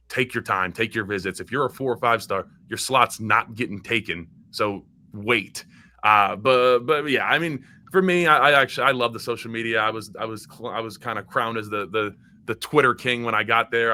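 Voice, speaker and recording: A young man from Maryland, a former college football player, chats casually as a podcast guest in a loose way, full of fillers and restarts. His voice is fairly low in pitch, with a bright, forceful tone.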